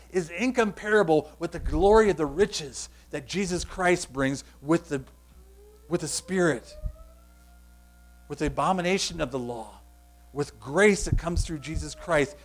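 A man's voice: on the high side, poor audio. A man preaching a sermon, leaning hard on key words and stretching them out. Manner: emphatic, stretches key words, drops to quiet prayer. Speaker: pastor.

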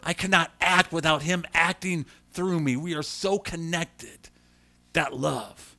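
Male pastor, sermon delivery, bright tone, a bit high, animated and chatty with the congregation. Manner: animated preaching, rising loud for emphasis, slowing to stress key lines; conversational asides to the congregation.

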